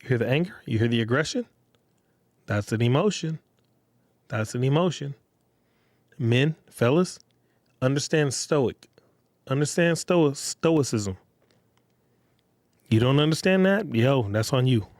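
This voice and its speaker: A man's voice: medium pitch, a little mellow, no room sound, studio quality. A man hosting his own podcast, talking bluntly and repetitively to his listeners in street slang. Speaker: podcast host. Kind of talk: casual monologue podcast.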